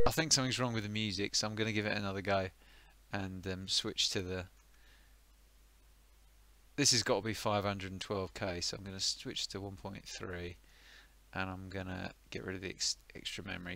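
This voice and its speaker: Casual male streamer commentating retro games, bright forceful tone, dry sardonic asides. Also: deep voice, vocal fry, a little hiss or hum. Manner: chatty, sardonic, muttering asides.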